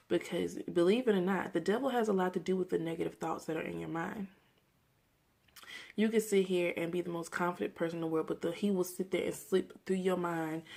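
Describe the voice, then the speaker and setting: A woman's voice: lowish voice, creaky. A woman in her twenties from Mississippi, talking earnestly and reflectively to camera in a personal vlog rant. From Mississippi, USA. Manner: earnest, reflective, talks through memories candidly. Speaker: vlogger.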